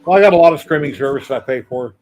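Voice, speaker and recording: A man's voice: medium pitch, quick pace, noisy background. A man hosting a casual maker livestream, telling rambling stories. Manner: rambling storyteller. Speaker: podcast host.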